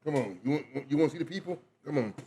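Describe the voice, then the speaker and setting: A man giving casual reaction commentary, loud and animated, cursing freely. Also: a little high, rapid-fire, a little hiss or hum. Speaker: video reactor.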